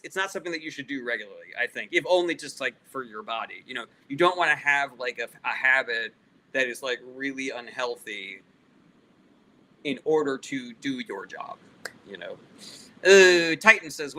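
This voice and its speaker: A man's voice: medium pitch, bright, forceful tone, rough recording. A male comedian casually answering live chat questions, loose and profane, reading each question aloud before he answers.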